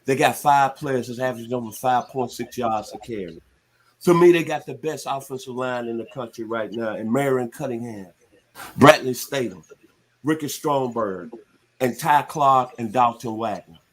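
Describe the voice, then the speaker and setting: Older southern guy, easygoing sports radio host, folksy and unhurried, mid-range voice. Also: mid-range voice. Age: 60s. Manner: laid-back, folksy, drawn-out emphasis. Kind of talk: casual sports talk.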